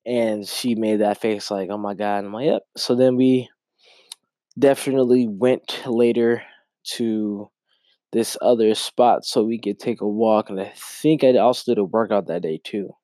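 Low, mellow-voiced man telling a story. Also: fairly even intonation, a little slow, no echo. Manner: rambling, repeats words while recounting a story. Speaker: podcast host. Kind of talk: casual solo podcast storytelling.

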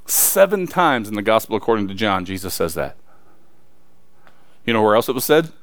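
A man preaching a sermon, reading scripture and then talking it through in a casual, emphatic way with sudden loud peaks and quiet asides. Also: lowish voice, very animated, moderate pace, no room sound. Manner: reads scripture aloud then preaches conversationally with slang.

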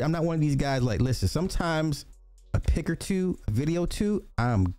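Man, reaction host, blunt, profane, mellow tone. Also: fairly high pitch, lively intonation, moderate pace, soft background music. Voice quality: blunt, profane, jokey asides. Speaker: commentary host reacting to clips. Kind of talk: casual reaction commentary.

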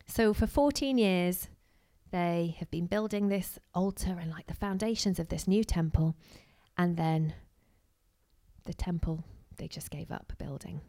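A woman delivers a relaxed, conversational sermon. Her voice sits a little low and she talks in a lively, chatty way, slipping into little acted-out quotes and asides to her listeners. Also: measured pace. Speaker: preacher. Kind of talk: casual sermon.

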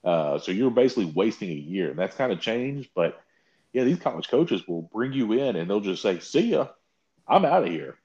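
Very low-voiced man telling stories, casual. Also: a little fast, dull audio. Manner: animated storytelling, mocking quotes with big pitch jumps. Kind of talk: casual chat.

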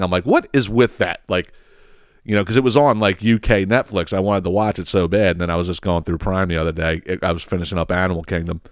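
A man's voice: low-pitched, smooth, dry recording, clean studio sound. Profane, ranting man. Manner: profane, sarcastic ranting with mocking impressions. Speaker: podcast host. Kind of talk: ranting solo podcast monologue.

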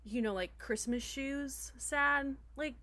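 Young adult woman, podcast co-host, slightly high pitch, giggly and loose with fillers. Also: slow, pushed and bright, dry recording. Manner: laughs a lot, many fillers. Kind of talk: casual chat.

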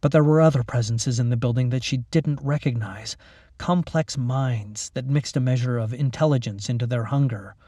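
A man reading a horror story aloud in a steady, measured way, slowing down for grim moments. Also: mid-range voice, breathy edge, no room sound. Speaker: narrator. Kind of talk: scripted horror story narration.

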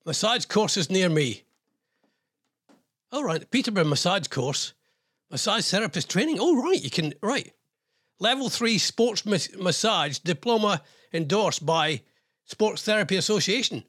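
A man's voice: high-pitched, lively intonation, measured pace, a bit bright. An older man hosting a radio show, telling a rambling, self-mocking story in casual chat.

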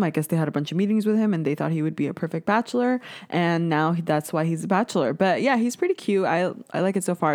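A woman's voice: on the low side, darkish tone. A woman in her twenties hosting a casual solo podcast, chatty and sarcastic, laughing at herself often. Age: 20s. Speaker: podcast host.

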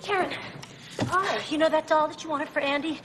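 A woman's voice: sits high, a little fast, close to an everyday voice. An actress playing a pushy, impatient woman coworker who haggles bossily, heard in a film soundtrack. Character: pushy brash woman coworker, bargain hunter. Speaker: film character. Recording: film soundtrack with loud background noise.

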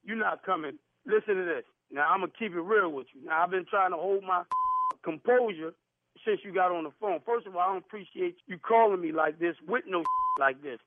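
A man's voice: high voice, fairly quick, no room sound. A man on a phone call, arguing defensively in heavy slang. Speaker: caller. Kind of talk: heated phone argument. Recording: tinny phone line.

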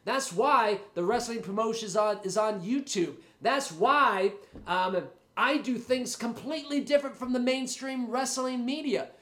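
A man's voice: very high voice, measured pace, fairly bright tone, echoey room. A man hosting a wrestling podcast while sick with a cold, rambling and hyped, with a salty, profane streak. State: has a cold, congested. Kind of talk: casual solo podcast talk.

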